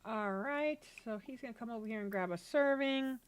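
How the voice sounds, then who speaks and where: A woman's voice: on the high side, moderate pace, a little hiss or hum. A woman casually narrating her life-sim let's-play, chatty and rambling with many fillers. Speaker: game streamer.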